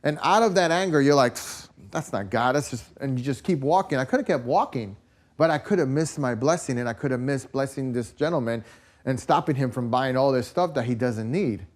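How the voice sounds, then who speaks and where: A man of medium pitch preaches briskly, spinning casual stories for his audience. Rhetorical questions pop up often, as do his habitual "you know" and "right?"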